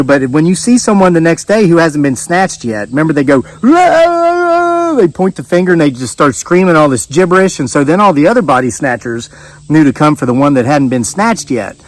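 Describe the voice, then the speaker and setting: A man's voice: a little high, poor audio. An older man telling a story to camera outdoors, in a rambling, folksy way with many fillers and restarts, sweating in the heat. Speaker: vlogger. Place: outdoors on a rural homestead.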